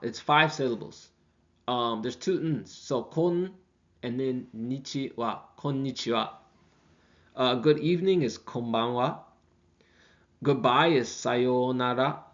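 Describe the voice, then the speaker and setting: A man teaching a beginner language class in a relaxed, chatty way. He slows down and repeats example phrases for the students. The recording sounds dull and lo-fi. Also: mid-range voice.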